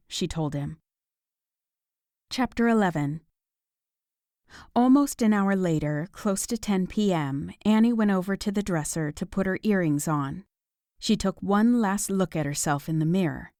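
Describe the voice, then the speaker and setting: A woman narrates a romance audiobook in an even, measured way. Her voice sits low, and the recording is close and dry, with no room around it. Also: no room sound. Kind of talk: scripted narration.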